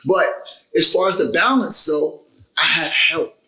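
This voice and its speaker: A man's voice: a little high, a little slow, pushed and bright, reverberant, low-quality recording. A young adult man, a recording artist as interview guest, talking casually and emotionally, often repeating his phrases.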